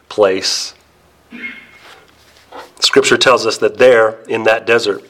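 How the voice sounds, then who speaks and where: A male pastor preaches a sermon through storytelling in an ordinary mid-pitched voice. To stress key words, he slows down and lets his voice fall low and soft.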